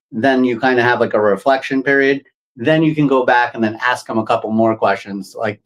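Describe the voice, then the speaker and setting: A man's voice: medium pitch, poor audio. Casting: male podcast co-host, loose rambling delivery, everyday mid-range voice. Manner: rambling, many fillers, acts out quoted voices. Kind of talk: casual coaching chat.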